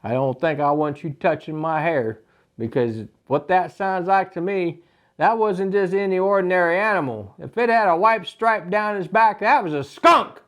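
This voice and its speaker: A man's voice: sits high, normal speed, fairly bright tone. A man putting on the voice of his blunt, skeptical father in a comic story. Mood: dismissive. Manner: blunt, dismissive.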